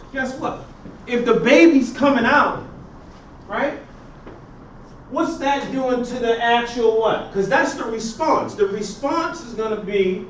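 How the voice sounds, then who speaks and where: A man's voice: very high-pitched, slight background noise. A male professor giving a classroom lecture. He keeps quizzing his students with fill-in questions. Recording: roomy, distant, dull classroom recording.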